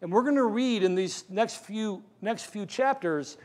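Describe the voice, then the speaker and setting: A man with a high, light voice preaches a sermon from the pulpit. He tells a Bible story in a storytelling way and acts out the lines of the figures in it. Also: unhurried, hardly any pauses, big-room sound. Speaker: pastor.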